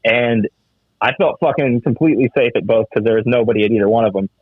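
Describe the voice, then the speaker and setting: A man's voice: fairly even intonation, fast talker, husky, no room sound. A man co-hosting a casual podcast chat, talking loosely with a lot of swearing. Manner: loose, profane, laughing, jumps into high mimicking voices. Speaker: podcast co-host. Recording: dry, tinny phone-like sound.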